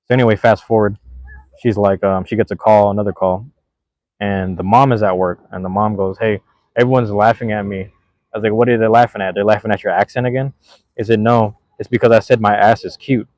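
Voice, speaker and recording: Low-voiced man rambling through a casual recap. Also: steady tone, fairly quick, darkish tone, no room sound, rough recording. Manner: slangy, loose and rambling with many fillers. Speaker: vlogger recapping a comedy show. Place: outdoors near a playground.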